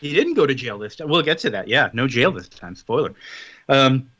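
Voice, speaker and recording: A man co-hosting a podcast in casual chat, summarizing a story with quick acted-out quotes. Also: mid-range voice, big pitch swings, a bit bright, no echo, muffled recording. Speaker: podcast co-host.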